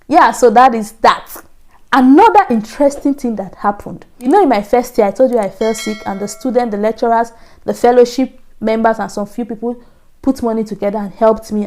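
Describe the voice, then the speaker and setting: A Nigerian woman vlogger tells her story casually to the camera in a mellow, fairly high voice. She's earnest, acting out her own past thoughts in soft asides.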